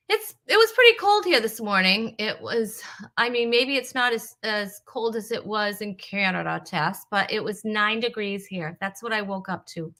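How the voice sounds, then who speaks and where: Her voice is medium-pitched, bright, and forceful. The speaker, a woman from Rhode Island, hosts a live comedy stream, teasing and chatting with viewers as she greets them, rambling with plenty of fillers.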